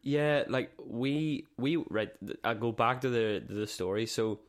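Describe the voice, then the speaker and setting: A man's voice: medium pitch, measured pace. A man co-hosting a podcast in casual chat, blunt and teasing with a drawl. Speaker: podcast co-host.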